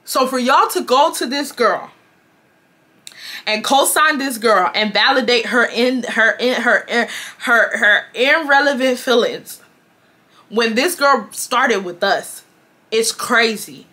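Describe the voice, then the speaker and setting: A woman in her twenties from Houston tells her viewers a story in a casual vlog. She talks with emphasis, repeats her points and swears freely. Her voice sits a little high and has a sharp, bright edge. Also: takes it slowly. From Houston, Texas. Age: 20s. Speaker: storytime vlogger.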